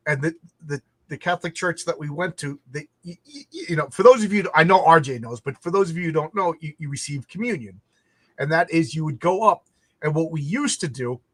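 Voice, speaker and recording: Brief: animated male host, slightly high voice, dry close podcast mic, stumbling restarts and laughter. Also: dry recording. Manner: animated, laughing, repeats words when starting sentences. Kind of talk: casual storytelling chat.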